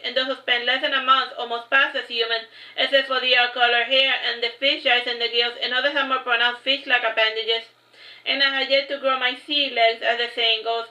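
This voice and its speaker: A woman reading her own story aloud in the first person, slow and measured. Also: high-pitched, sharp tone. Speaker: author reading her book. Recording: echoey room, slightly dull sound.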